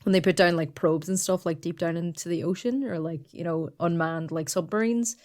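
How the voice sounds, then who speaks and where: Podcast co-host, woman, lowish voice, rambling casual delivery. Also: steady tone, a little fast, a little mellow. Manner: rambling, heavy use of "like". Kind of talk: casual chat.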